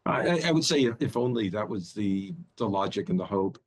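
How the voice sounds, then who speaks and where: A man's voice: lowish voice, expressive, fairly quick, rough recording. A man speaking as a bank strategist guest in a news interview, often repeating words as he starts a thought.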